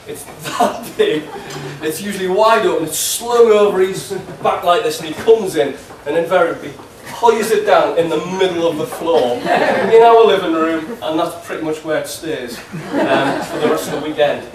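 A man's voice: fairly high pitch, background noise. Man giving a teasing wedding speech. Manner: teasing, halting, with many ums and restarts. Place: wedding reception hall. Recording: echoey hall, distant mic, laughing crowd. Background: guests laughing.

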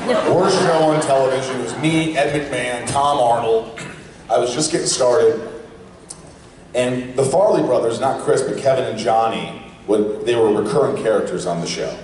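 A man with a hoarse voice telling a joking story to a fan audience, heard from afar in a big convention hall. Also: medium pitch, moderate pace, a little hiss or hum. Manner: joking, loud bursts of impressions. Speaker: actor on a convention panel. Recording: distant, echoey convention hall.

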